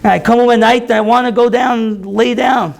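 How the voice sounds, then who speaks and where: Male rabbi, impassioned sermon, high voice, gravelly texture. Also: fairly even intonation, moderate pace. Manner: impassioned, building to near-shouts. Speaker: rabbi and teacher. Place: event hall.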